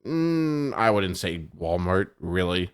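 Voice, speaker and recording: A man's voice: low voice, sing-song, measured pace, smooth. A man co-hosting a live podcast, telling a long rambling story in casual chat, swearing freely and laughing at his own tale. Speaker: podcast co-host. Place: home streaming setup.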